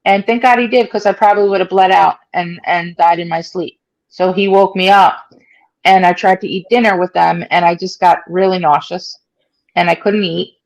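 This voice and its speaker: A woman's voice: on the low side, steady tone, normal speed, dull audio. Chatty woman in her forties telling her story. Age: 40s. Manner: conversational, many fillers, acts out quoted speech. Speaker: interviewee, stroke survivor. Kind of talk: personal story in an interview.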